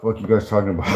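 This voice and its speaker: Rambling, profane man telling stories. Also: lowish voice. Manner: rambling, profane, stammers and restarts, laughs often. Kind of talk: casual storytelling.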